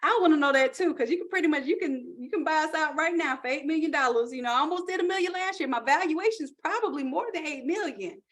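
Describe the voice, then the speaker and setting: A woman hosting a live online class, chatting and pitching course offers to her viewers in an upbeat, casual way. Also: expressive, fast talker, few pauses. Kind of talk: live-stream sales pitch.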